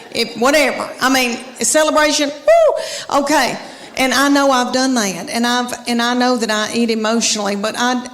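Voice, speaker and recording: A woman's voice: a little high, a bit bright. A middle-aged woman with a Southern US accent doing a stand-up set, telling drawling family stories on stage. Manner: drawling storyteller acting out family voices. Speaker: stand-up comedian. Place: theater stage before a laughing audience. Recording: live hall reverb with audience noise.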